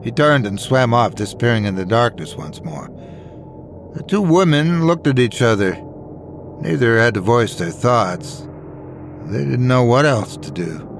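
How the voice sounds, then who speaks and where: A man reading a scripted horror story in a measured, suspenseful manner. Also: mid-range voice, animated, creaky, music in the background. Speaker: narrator.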